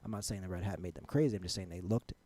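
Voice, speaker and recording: A man co-hosting a casual podcast, animated and quick to jump in with rebuttals. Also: low voice. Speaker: podcast co-host.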